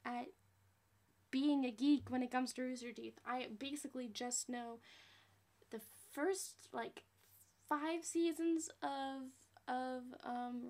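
A woman hosting a casual question-and-answer vlog, rambling, self-deprecating and quick to apologize. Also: high voice, a little mellow. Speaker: channel host answering fan questions.

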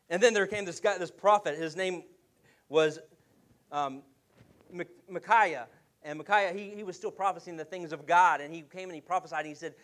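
Lively, animated pastor preaching a sermon. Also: male voice, sits high, normal speed. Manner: lively storytelling with jokes and acted voices.

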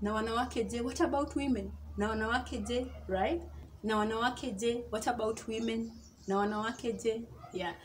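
A woman teaching a casual online language lesson, saying each example phrase slowly and several times so that learners can follow. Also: fairly high pitch, steady tone, slight background noise. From Kenya. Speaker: Swahili teacher.

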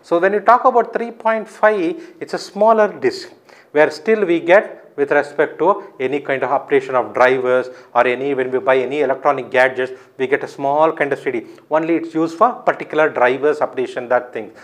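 A man's voice: medium pitch, a little fast. A man giving a recorded lecture, explaining step by step, often asking his own questions and answering them.

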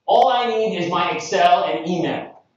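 Man playing a dismissive old accountant, set in his ways, high voice, distant dull sound. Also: moderate pace, close to an everyday voice. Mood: stubborn. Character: older male accountant near retirement, stubborn. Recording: echoey hall from far off, dull.

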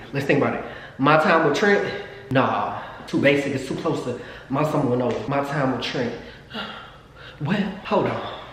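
A man telling a storytime in a casual, excitable, profane way to his viewers. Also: on the high side. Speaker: vlogger. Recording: echoey room with long reverb, faint noise.

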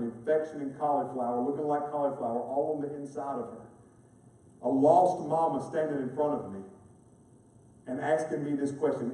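A man with a mellow, mid-range voice preaches as a pastor, telling a story with passion and rising to emphatic peaks. The echoey recording of the large chapel places him far from the microphone.

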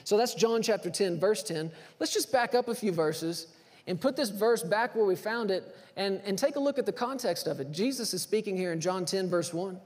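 Pastor, male, higher voice, animated sermon delivery, reverberant church. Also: moderate pace. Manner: animated storyteller, acts out phone calls. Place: church sanctuary.

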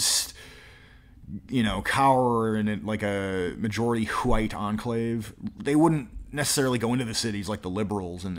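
Low-voiced sardonic male streamer. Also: a bit bright. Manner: sardonic and mocking, with frequent filler words. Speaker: livestream host. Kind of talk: reacting to a played clip with commentary.

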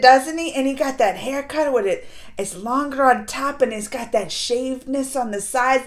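A woman's voice: high-pitched, lively intonation, moderate pace, a bit bright. A woman hosting a fan reaction video, gushing and giddy, laughing often and talking straight to her viewers. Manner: playful, talks straight to viewers. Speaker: reaction vlogger.

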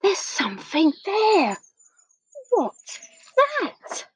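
A woman's voice: huge pitch swings, slow pace, dry recording, full character voice, low-quality recording. A woman doing a frightened little boy. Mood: wary. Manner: high, fearful, wide-eyed. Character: small scared young boy.

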